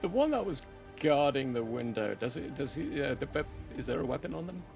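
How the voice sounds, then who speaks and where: A man from the United States with a gravelly voice at a middle pitch, chatting casually as a player in a tabletop game. He is easygoing and quick to joke. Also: big pitch swings, a little mellow, faint music behind. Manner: easygoing and joking.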